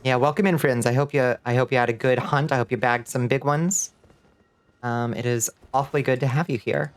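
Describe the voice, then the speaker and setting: Speaking fairly quickly with a steady, medium-pitched voice, this man chats casually with viewers while gaming on a live stream. He's playful, greets chat warmly, and laughs often, all with a light lilt, while faint music sits in the background.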